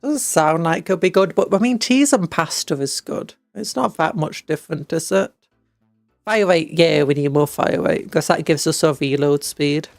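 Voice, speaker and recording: A woman's voice: sits low, normal speed, no room sound, faint music behind. A British woman streaming a game, reading upgrades aloud and making jokey asides. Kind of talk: casual gameplay chat.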